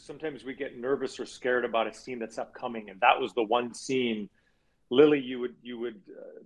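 Husky-voiced man sharing set stories. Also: mid-range voice, low-quality recording. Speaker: actor. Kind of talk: casual virtual cast chat.

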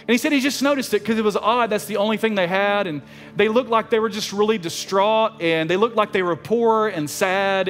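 High-voiced pastor in a reverberant church. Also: male voice, fairly bright tone. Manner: earnest, emotional storytelling with repeated phrases. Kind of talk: sermon storytelling. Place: church sanctuary.

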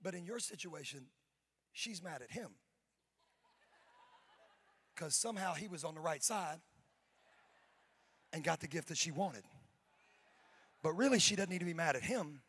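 A man with a high-pitched voice preaches to his congregation from a church stage. He shifts between quiet, conversational remarks and loud, rising exhortation. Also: lively intonation, unhurried, long pauses, husky. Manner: talks with members of the audience on stage. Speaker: pastor. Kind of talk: sermon.

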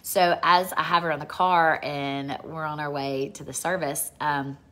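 A woman's voice: deep voice, fairly even intonation, a little slow, sharp tone. A woman minister telling a story casually, gushing and rambling with lots of fillers.

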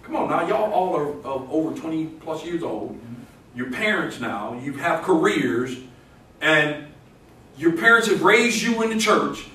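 A man's voice: fairly high pitch, lively intonation, measured pace, sharp tone. A man preaching a sermon in church, quoting scripture and building to emphatic exclamations with call-and-response. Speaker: pastor. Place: church sanctuary. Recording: echoey church room from a distance.

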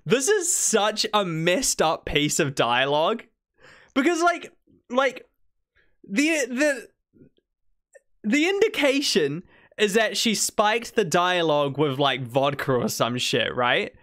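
Excitable gaming streamer, lively pitch. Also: male voice, takes it slowly. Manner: excitable, joking, swears, reads game dialogue aloud. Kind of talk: live-stream gameplay commentary.

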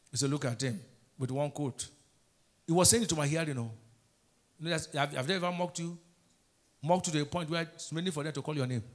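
A middle-aged Nigerian man preaching a sermon as pastor, emphatic, with call-and-response questions to the congregation. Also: fairly high pitch.

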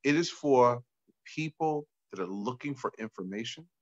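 A man, a pastor, telling stories in an excitable, talkative way during a chat, on a dull lo-fi recording. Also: medium pitch, normal speed. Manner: excitable, talkative, acts out quotes. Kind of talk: animated storytelling in a chat. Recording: dull lo-fi sound.

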